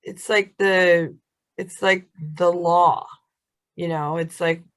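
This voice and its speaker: A woman's voice: fairly low pitch, fairly even intonation, slow pace, poor audio. A woman co-hosting a casual self-help chat over a video call, soothing and affirming in tone. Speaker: co-host.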